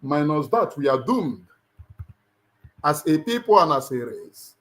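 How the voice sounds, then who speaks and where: A middle-aged Nigerian-accented man speaks to his livestream audience with the fervor of a sermon, repeating phrases and driving every point home like a preacher. For a man, his voice runs somewhat high, and his delivery is sing-song and unhurried.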